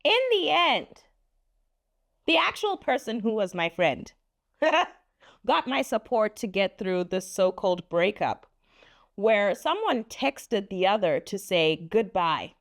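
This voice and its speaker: A young woman telling a story on her vlog in a lively, laughing way, acting out what people said. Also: medium pitch, slow pace. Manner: animated, laughing, acts out quotes. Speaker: vlogger. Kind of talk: casual story time.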